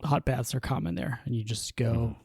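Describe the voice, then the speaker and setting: A man's voice: medium pitch, steady tone, moderate pace, vocal fry, a little mellow, husky, dry recording, clean studio sound. A man co-hosting a podcast in casual chat, wry and amused. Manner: wry, amused, self-deprecating. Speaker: podcast co-host.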